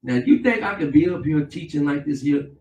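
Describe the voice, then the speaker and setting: A high-pitched pastor delivers an emphatic call-and-response sermon in an echoey church. The mic sits at a distance, so his voice sounds roomy and far off, swinging between loud and soft. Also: fairly quick, highs cut off. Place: church sanctuary.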